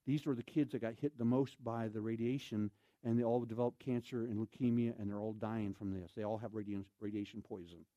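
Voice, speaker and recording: A man's voice: on the low side, fairly even intonation, brisk, dark tone, dry recording, highs cut off. A man preaching a storytelling sermon, acting out scenes and throwing questions to his audience.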